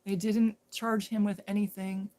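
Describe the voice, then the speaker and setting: A woman live streaming, telling a story casually in a rambling way that drops into hushed whispers. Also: medium pitch, little pitch movement, a little slow.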